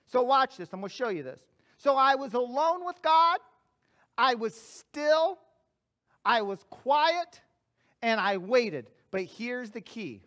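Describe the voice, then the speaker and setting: A man's voice: very high-pitched, expressive, a little slow, a bit bright. A male guest pastor preaching a sermon, earnest and emphatic, repeating phrases for effect and joking at his own expense. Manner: self-deprecating humor. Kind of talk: sermon with personal stories.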